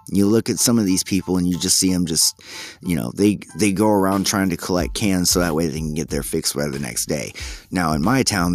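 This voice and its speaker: A man hosting a solo podcast, reading news items aloud and breaking off to comment in a halting, exasperated way. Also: low voice. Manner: halting and exasperated, frequent restarts. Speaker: podcast host.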